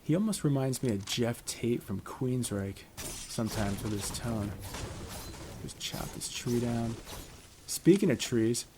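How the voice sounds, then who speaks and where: A middle-aged man from Connecticut giving chatty, rambling, laid-back commentary while playing a video game. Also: medium pitch. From Connecticut, USA. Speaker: gaming YouTuber. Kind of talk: casual gameplay commentary. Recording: clear background noise.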